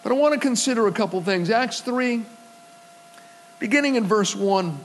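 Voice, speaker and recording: A man's voice: sits high, animated, normal speed, a little hiss or hum, low-quality recording. A male pastor preaching a sermon, telling stories and acting out the voices of the people in them, building to emphatic preaching. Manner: storytelling, acts out quoted voices, swells to emphatic preaching.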